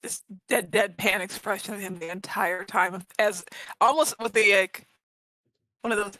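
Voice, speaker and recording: Bright, teasing woman player. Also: mid-range voice, steady tone, moderate pace, dry recording, poor audio. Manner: teasing, playful. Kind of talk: casual tabletop play.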